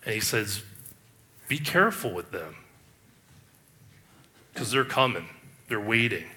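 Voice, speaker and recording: Male preacher with a bright, forceful voice; emphatic sermon delivery with restarts. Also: on the low side, expressive, slow. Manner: emphatic, rhetorical questions, frequent restarts. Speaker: pastor.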